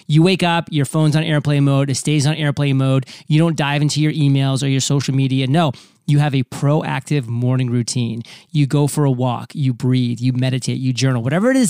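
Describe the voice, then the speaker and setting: A man's voice: mid-range voice, a little mellow, no echo, clean studio sound. A man hosting a podcast, speaking emphatically and addressing his listeners directly. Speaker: podcast host.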